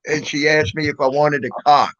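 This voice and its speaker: A man's voice: fairly high pitch, flat delivery, fairly quick, fairly bright tone, lo-fi sound. A man with a Southern US accent chatting crudely on a stream, joking and stumbling over restarts. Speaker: stream host. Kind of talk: casual chat.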